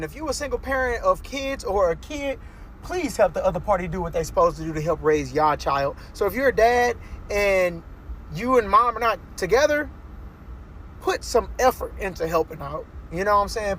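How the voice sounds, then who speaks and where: Guy with a high voice going off about parenting, swears a lot, some faint noise behind. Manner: blunt, profane, emphatic. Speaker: parent commenting on a clip. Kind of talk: casual commentary.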